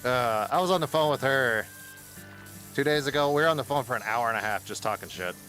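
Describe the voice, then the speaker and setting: A man's voice: medium pitch, animated, fairly quick, sharp tone, faint music behind. Rambling, cursing male streamer. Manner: rambling, profane storytelling with bursts of laughter. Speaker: game streamer. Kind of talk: casual stream chat.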